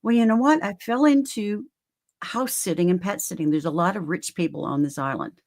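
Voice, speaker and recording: A woman in her seventies, a guest on a live call, telling stories in a rambling, animated way. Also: on the low side, a little fast. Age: 70s. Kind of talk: casual chat.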